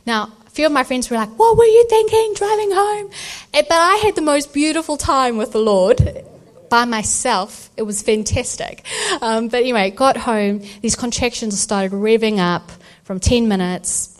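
Animated woman telling a birth story. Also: a little high. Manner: animated storytelling, acts out voices. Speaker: speaker sharing a birth testimony. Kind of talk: testimony talk at a church event.

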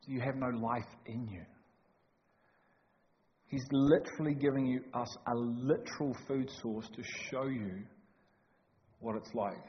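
A man preaching a sermon in a church hall, emphatic and joking, swinging from loud to hushed. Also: medium pitch, fairly even intonation, unhurried, long pauses. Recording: echoey hall, dull lo-fi sound, faint noise.

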